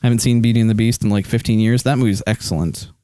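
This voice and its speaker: A man's voice: fairly low pitch, steady tone, rapid-fire, warm tone, clear, resonant tone, no echo. A man streaming live, chatting casually and rambling with lots of ums and likes, speaking into a hand microphone.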